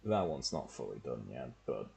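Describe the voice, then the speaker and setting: A man's voice: extremely low pitch, vocal fry, mellow. A man, casually talking to himself as he plays a game on stream. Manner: muttering thoughts to himself while playing. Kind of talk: casual gameplay commentary.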